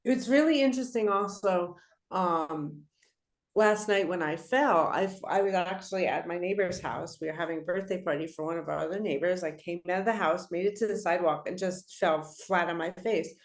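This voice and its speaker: A woman in her forties, a podcast guest, telling stories in a lively casual way and acting out the voices of the people in them. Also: lowish voice, moderate pace. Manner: lively storyteller who acts out quoted voices. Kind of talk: casual conversational interview. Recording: roomy echo on the voice.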